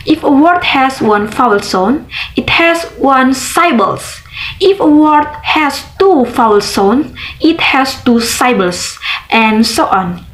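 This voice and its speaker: A woman with a fairly high voice reads a pronunciation lesson aloud. She speaks carefully and deliberately, with a few small grammar slips. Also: low-quality recording. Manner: careful, deliberate reading with non-native slips. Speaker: student presenter.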